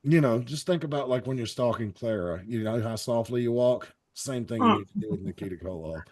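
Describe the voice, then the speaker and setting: A man's voice: medium pitch, expressive, brisk, darkish tone. A man hosting a wrestling talk show, chatting in a folksy, rambling, jokey way. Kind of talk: casual live-stream chat.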